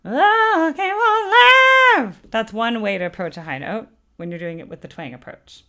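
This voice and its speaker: A woman's voice: on the low side, fairly quick. A woman hosting a music reaction video as a voice teacher, talking casually and breaking down a singer's technique with lots of fillers. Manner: animated, demonstrates vocal technique, lots of fillers. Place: home room with a sunlit window.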